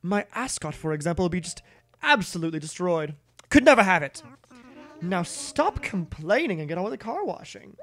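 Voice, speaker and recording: A man's voice: sits high, sing-song, a bit bright, pitched above the performer's own voice, exaggerated voice. A man voicing a haughty female giraffe fashion designer from a video game, drawing out every "darling" and rolling his R's. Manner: snooty, drawn-out "darling"s, rolled R's. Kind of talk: reading game dialogue aloud in a voice.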